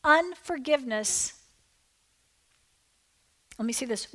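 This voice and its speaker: Female pastor, animated sermon delivery, digressive and emphatic, slightly high-pitched. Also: moderate pace. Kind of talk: sermon with scripture reading.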